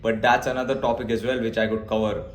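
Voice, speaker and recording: A man's voice: mid-range voice, little pitch movement, quick pace, reverberant. A young man ranting bluntly and emphatically to camera as a vlogger, with frequent fillers. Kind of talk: opinionated talk to camera.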